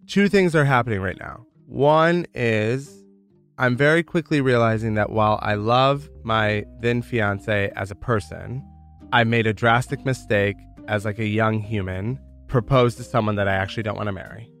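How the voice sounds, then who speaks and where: A man's voice: lowish voice, normal speed, clean tone, faint music behind. Candid young man telling his story. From Michigan, United States. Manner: casual and candid, lively when quoting others. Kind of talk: storytelling, podcast interview.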